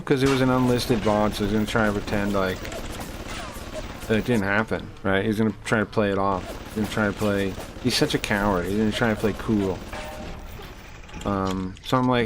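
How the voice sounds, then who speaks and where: A man's voice: on the low side, steady tone, a little fast, noisy background. A man streaming live, ranting heatedly and swearing as he rambles and restarts his sentences while playing a game.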